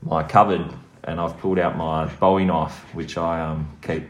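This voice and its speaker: A man's voice: low-pitched, flat delivery, moderate pace, reverberant. An Australian man casually telling a story as a podcast guest, swearing freely and laughing as he goes.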